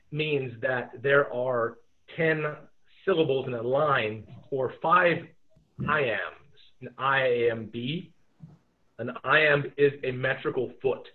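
A male teacher talks through a remote lesson in a loose, rambling way, pausing for plenty of ums. The sound is thin and phone-like, as if heard over a call. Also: mid-range voice. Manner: relaxed, rambling, many fillers. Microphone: video call. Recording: tinny phone-like audio.

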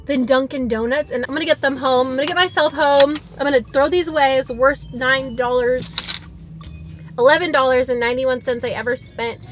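High-voiced young woman, dramatic food reviewer. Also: steady tone, fairly quick, faint music behind. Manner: dramatic, exaggerated disgust. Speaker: vlogger. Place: parked car.

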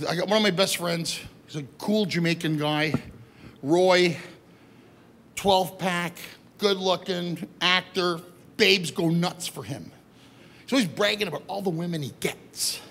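A middle-aged man from Greece doing loud, animated stand-up comedy on a club stage, shouting his punchlines. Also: sits high. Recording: live club recording with crowd noise. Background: live audience laughter.

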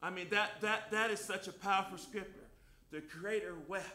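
An older man preaching a fervent sermon in church, breaking into loud hallelujahs and softening when he reads scripture. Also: high voice, fairly even intonation, normal speed, reverberant. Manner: fervent, shouting hallelujahs, drops soft for scripture. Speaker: guest preacher. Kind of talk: lively Easter sermon with scripture reading.

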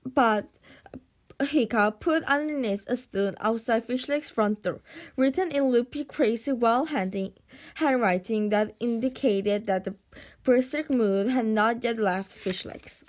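A woman reading a children's novel aloud in an animated storytelling manner, with slips and restarts. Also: on the high side, measured pace. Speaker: audiobook reader.

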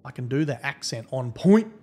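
A man's voice: medium pitch, sing-song, normal speed, mellow. A man giving casual, profane, rambling live-stream commentary as a game streamer.

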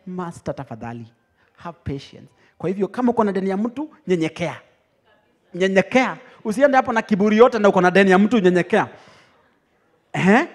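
A young Kenyan man preaching a teaching sermon, lively and teasing, laughing often with his congregation. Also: high-pitched, quick pace, pauses often. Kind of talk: teaching sermon, mixing English and Swahili.

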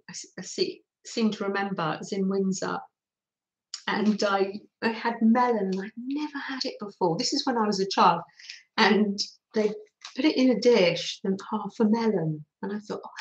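A woman's voice: medium pitch, reverberant, rough recording. A middle-aged woman from England hosting a craft livestream, chatting casually and reminiscing with frequent laughs. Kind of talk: casual chat while crafting.

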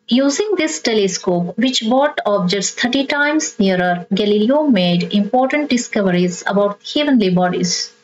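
A woman teacher with an Indian English accent, slowly reading out and explaining textbook exercises. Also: on the high side, muffled recording. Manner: slow, deliberate reading of exercises.

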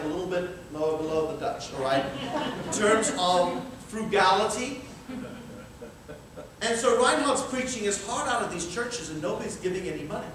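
Animated preacher in an echoing hall. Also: male voice, high voice, slight background noise. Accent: Scottish-rooted. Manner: animated storyteller acting out dialogue. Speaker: pastor. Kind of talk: sermon storytelling. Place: church hall. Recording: echoey church hall from far off.

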